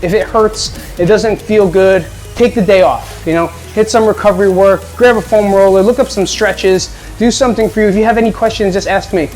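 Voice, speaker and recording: High-voiced upbeat fitness coach man. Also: fairly even intonation, brisk, few pauses, darkish tone, soft background music, low-quality recording. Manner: upbeat, encouraging, joking. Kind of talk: home workout instruction. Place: at home.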